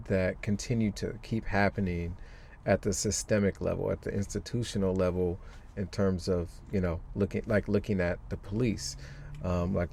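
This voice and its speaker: A man's voice: sits low, vocal fry, darkish tone, slight background noise. A man, a guest author on a podcast, speaking earnestly and thoughtfully with many fillers. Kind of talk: podcast interview.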